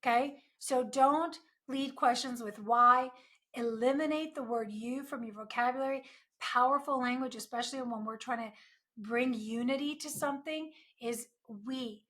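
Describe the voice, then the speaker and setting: Woman podcast host, bright and slightly high voice, earnest coaching monologue. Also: moderate pace. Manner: earnest, coaching tone with frequent rhetorical asides.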